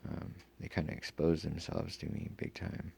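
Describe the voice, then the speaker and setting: A man telling a long personal story in a rambling, profane, casual way, full of fillers, with a gravelly, husky voice. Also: extremely low pitch, flat delivery, moderate pace, mellow, a little hiss or hum. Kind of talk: casual first-person account.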